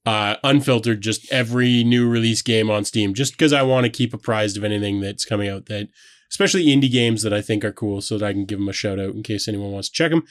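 A man's voice: lowish voice, fairly even intonation, fast talker. A man co-hosting a casual gaming podcast. He jokes sarcastically and laughs often. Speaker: podcast co-host.

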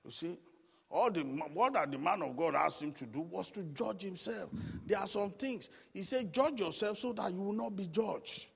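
A male Bible teacher preaching in a lively, animated way, with a gravelly, husky voice. His voice sits a little high for a man. It carries a long reverb, as if recorded in a large hall. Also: normal speed. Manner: animated, lively preaching with rising exclamations and asides.

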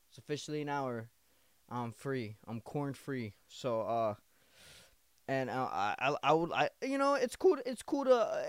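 A man's voice: a little high, clear, resonant tone, no echo. A man in his twenties hosting a casual podcast, rambling, repeating himself, swearing and calling the listener bro. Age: 20s. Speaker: podcast host. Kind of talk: casual confessional podcast monologue.

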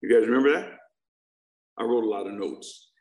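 A man's voice: lowish voice, moderate pace, a little mellow. A middle-aged man telling a humorous personal recovery story to a live audience, joking and asking them questions. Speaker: speaker sharing his recovery story. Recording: echoey room.

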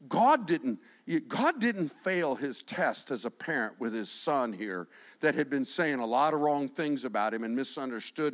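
A middle-aged male pastor preaching a sermon with passion, dropping to a hush and then rising to shouts. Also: sits high. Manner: impassioned, swinging from hushed to shouting.

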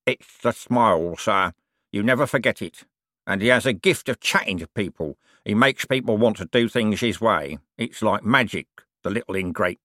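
A man doing a gruff old crook. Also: lowish voice, lively intonation, normal speed, bright, forceful tone, no room sound, studio quality. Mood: growling. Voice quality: growling, rough common speech. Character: gruff old male crook, false teeth.

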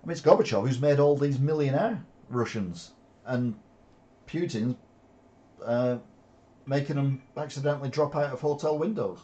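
A man's voice: mid-range voice, moderate pace, mellow, muffled recording. A man reading news headlines aloud and adding sardonic, opinionated commentary, with occasional swearing and chuckles.

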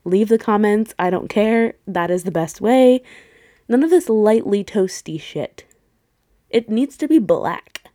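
A woman in her thirties chatting casually as a podcast co-host. She laughs often, swears freely and slips into little acted-out quotes while recapping. Her pitch sits in an ordinary middle range. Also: lively intonation, measured pace, warm tone, no room sound, studio quality. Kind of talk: casual movie rewatch chat.

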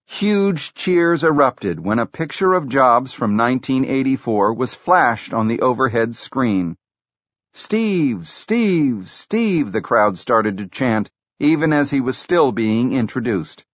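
A man narrating an audiobook in a measured, even storytelling delivery. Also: mid-range voice, dry recording, dull audio. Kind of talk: scripted narration.

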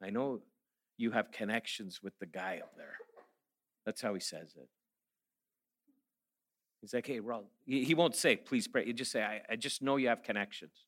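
Bright-voiced man preaching a sermon. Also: on the low side, normal speed, long pauses. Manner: storytelling, rising to emphatic preaching. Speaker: guest speaker.

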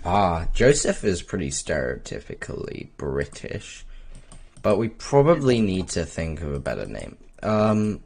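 A man's voice: deep voice, sing-song, measured pace, gravelly, darkish tone, breathy edge. A man cohosting a casual chat on a cheap home mic, joking loosely and trailing into mumbles. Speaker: podcast co-host.

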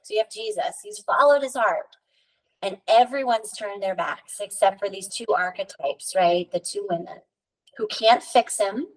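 A woman's voice: mid-range voice, normal speed, far from the mic, poor audio. A woman guest on a podcast, talking earnestly about spirituality, telling stories and often adding "right?" and "you know". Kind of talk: casual spiritual conversation.

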